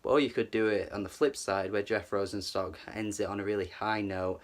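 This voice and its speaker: A man with a fairly low voice reviewing an album in relaxed, casual talk. He sounds eager and swears a lot, with frequent restarts and stumbles. He is the channel's regular reviewer. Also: a little fast. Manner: loose and enthusiastic, swears, stumbles over words.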